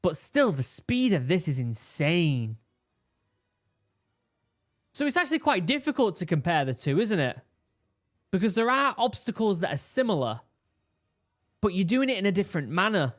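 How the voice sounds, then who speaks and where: A man gives excited, casual commentary on a training course video, full of exclamations and restarts. His voice sits slightly high for a man. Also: normal speed, pauses often. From England. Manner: animated, exclaiming, with repeated restarts. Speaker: reaction video host, former Royal Marine.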